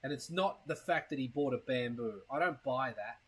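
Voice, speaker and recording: A man's voice: medium pitch, normal speed, a bit bright, breathy edge, poor audio. A man chatting casually on a live stream, rambling and crude, with a self-mocking tone and a case of hiccups. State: has hiccups.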